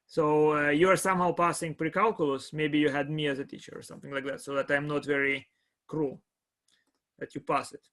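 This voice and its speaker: Guy teaching a calc class, kinda high voice, stops and restarts a lot, keeps asking the students if they're following. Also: level tone, fairly bright tone. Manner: halting, repeats words, checks in with students. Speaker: math lecturer. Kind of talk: live classroom lecture.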